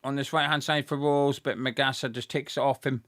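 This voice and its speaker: A young man hosting a live football watch-along, chatting excitedly and reading out viewers' messages. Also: mid-range voice, fairly quick. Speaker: fan channel host.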